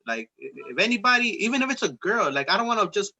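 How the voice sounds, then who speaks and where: A young man hosting a casual chat, telling stories in a profane, animated way. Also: high voice, quick pace, highs cut off. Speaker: host.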